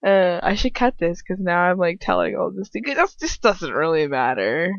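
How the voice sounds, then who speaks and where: A woman's voice: fairly low pitch, very animated, moderate pace, gravelly, hardly any pauses, dry recording, dull audio. Giggly rambling teenage girl reader. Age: teens. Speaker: audiobook reader. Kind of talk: casual chat and reading aloud.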